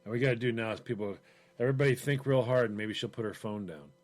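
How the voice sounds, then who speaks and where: A man's voice: mid-range voice, quick pace, slight background noise. A man co-hosting a casual chat, telling a story with acted-out voices. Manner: animated storyteller, acts out voices. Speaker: podcast co-host.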